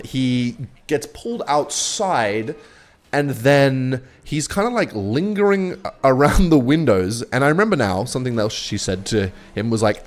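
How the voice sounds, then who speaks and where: A young man telling a long story while he plays a game on stream, relaxed and rambling. He swears freely and talks at an ordinary pitch with plenty of fillers. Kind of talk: casual storytelling while gaming.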